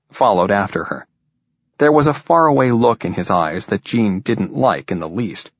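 Male audiobook narrator, low husky voice, measured delivery, dull lo-fi sound. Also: dry recording. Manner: measured, even storytelling. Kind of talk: scripted narration. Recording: dull, dry lo-fi recording.

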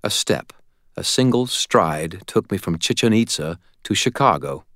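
A man reading a first-person audiobook in an even, understated manner. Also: low-pitched, unhurried, dry recording, studio quality. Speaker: audiobook narrator.

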